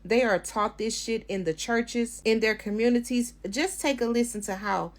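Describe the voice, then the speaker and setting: A woman's voice: a little high, moderate pace. A woman giving blunt, outspoken opinion commentary with swearing. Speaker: social media commentator.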